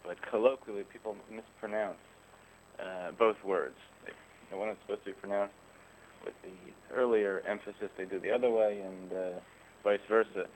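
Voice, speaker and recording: Deep-voiced man explaining slowly. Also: steady tone, a little hiss or hum, rough recording. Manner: thoughtful, measured, frequent "uh" pauses, occasional chuckles. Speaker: guest, rabbinic scholar. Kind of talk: conversational explanation.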